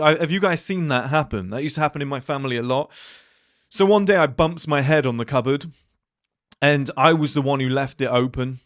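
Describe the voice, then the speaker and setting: A man's voice: mid-range voice, fairly bright tone, dry recording, clean studio sound. A man in his thirties giving a casual motivational talk to his viewers, blunt and rambling, with plenty of swearing and fillers. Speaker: channel host.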